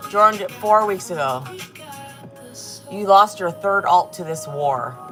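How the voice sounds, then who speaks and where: A Korean woman hosts a casual livestream, reading chat comments aloud and mocking them with sassy, swear-heavy jabs. Her voice sits on the low side, with lively intonation and an unhurried pace. Music plays underneath.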